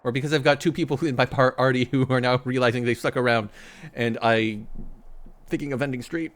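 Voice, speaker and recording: A man's voice: mid-range voice, fairly even intonation, fairly quick. A man streaming a game, chatting casually and teasing his chat, voice getting tired. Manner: playful, teasing, laughing often.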